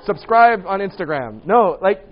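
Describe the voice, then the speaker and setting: A high-voiced man teaching a Bible class chats loosely with his students, constantly quizzing them and checking in with "right?". He's very animated and a little slow. The audio is dull and lo-fi.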